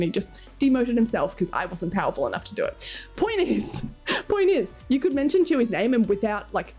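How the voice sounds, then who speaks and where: Lively Australian woman streamer. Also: medium pitch. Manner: playful, rambling, laughs often, swears. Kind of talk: casual chat with viewers. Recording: faint music behind.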